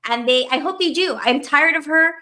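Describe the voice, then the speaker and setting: A woman's voice: high voice, normal speed, bright, forceful tone. A woman co-hosting a podcast, ranting in casual chat, heated and profane, full of filler words. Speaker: podcast co-host.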